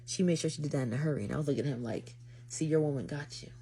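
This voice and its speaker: A young woman vlogger retelling a dating story to the camera, dramatic and lively, acting out what everyone said. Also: low voice, rapid-fire, slight background noise.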